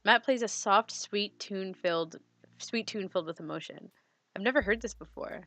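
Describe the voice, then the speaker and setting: A woman's voice: medium pitch, moderate pace, fairly bright tone, no room sound. Young woman, gaming streamer, giggly, stumbling over words, reading game text. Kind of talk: casual let's play, reading game text aloud.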